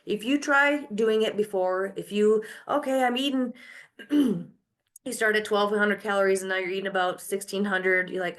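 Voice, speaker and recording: A middle-aged woman leads a live online class with a mid-pitched voice. She coaches steadily, posing questions and answering them herself. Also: steady tone, moderate pace, a bit bright. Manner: coaching, asks and answers her own questions. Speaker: host.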